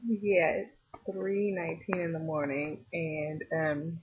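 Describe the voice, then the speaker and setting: A woman's voice: low-pitched, slow pace. Giggly young woman on tinny audio. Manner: giggly and rambling. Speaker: vlogger. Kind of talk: casual late-night storytelling.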